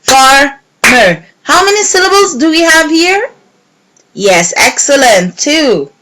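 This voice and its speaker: A woman teacher giving a recorded English lesson to young pupils, repeating words slowly and clearly. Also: high voice, sing-song, fairly bright tone, a little hiss or hum, rough recording. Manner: slow, clear, repeating words and clapping syllables.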